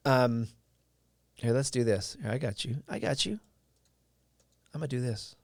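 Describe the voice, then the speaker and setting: A man's voice: mid-range voice, a little slow, dry recording, studio quality. A man hosting a casual livestream, telling a story in a loose, rambling way with lots of fillers and restarts. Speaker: live stream host.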